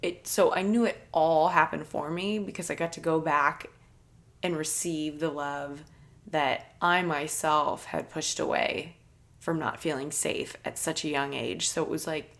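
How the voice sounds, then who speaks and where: A woman with a deep, fry-edged voice speaks as a podcast host, taking her time over each phrase. She talks in an earnest, gentle, reflective way, like a personal monologue, with a light laugh now and then. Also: steady tone, unhurried. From United States. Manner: earnest, soft-spoken storytelling with light laughs.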